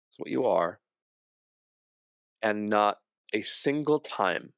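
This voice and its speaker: Slow gravelly game master. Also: male voice, lowish voice, a bit bright, no echo. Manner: slow, descriptive narration with pauses. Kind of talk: narrating a tabletop game.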